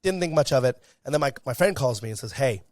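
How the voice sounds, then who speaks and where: A young man being interviewed, telling a story in a lively, casual way and acting out the voices of the people in it. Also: medium pitch, fast, no room sound, studio quality. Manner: animated, acts out quoted dialogue. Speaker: guest, content creator.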